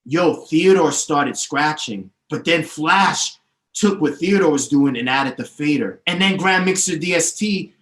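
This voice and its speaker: His voice runs on the high side, a bit bright and a little slow. As a DJ teacher interviewed on a podcast, he explains things at length, confident and emphatic, rattling off names and history, with echoey room sound.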